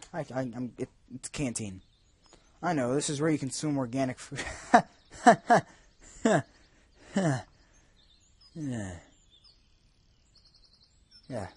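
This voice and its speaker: Sarcastic husky-voiced man reading a game. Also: medium pitch, a little mellow. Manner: sarcastic and jokey, trailing off into asides. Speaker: video game reviewer. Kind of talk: casual commentary while reading game text aloud. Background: faint game music.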